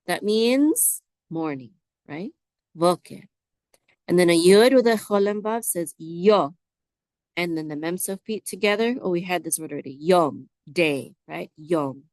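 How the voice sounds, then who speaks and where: Woman slowly sounding out hebrew letters, lowish voice, dry close sound, keeps saying "say it with me". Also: dry recording. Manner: slow, drawn-out repetition, prompting listeners to say words back. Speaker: Hebrew teacher. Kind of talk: slow, patient word-by-word Hebrew lesson.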